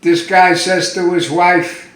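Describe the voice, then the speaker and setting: A man telling a string of dirty jokes as a stand-up comedian, with a deadpan storyteller's delivery that punches the lines. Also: high voice, slow. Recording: roomy sound from a distant mic.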